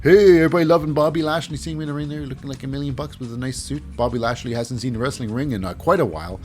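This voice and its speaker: A man's voice: mid-range voice, racing, darkish tone, faint music behind. A man hosting a casual wrestling recap, rambling with sarcastic asides. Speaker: host.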